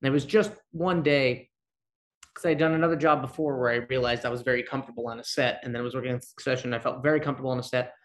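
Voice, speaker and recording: A man's voice: mid-range voice, fairly even intonation, racing. A man, a guest actor talking casually in an interview, rambling and blunt. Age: 30s. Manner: rambling, self-deprecating, blunt.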